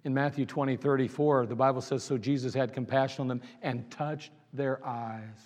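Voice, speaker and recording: A man's voice: medium pitch, fairly even intonation, normal speed. Man preaching in a reverberant hall. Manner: rhetorical questions, swings from loud pleading to hushed. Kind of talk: sermon. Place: church.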